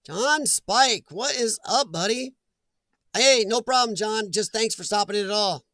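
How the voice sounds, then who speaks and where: Middle-aged guy, high-pitched, dry close mic, easygoing stream host chatting with viewers. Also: unhurried, bright, forceful tone, dry recording. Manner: chatty, laughs often, talks back to chat. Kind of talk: casual live-stream chat reading comments.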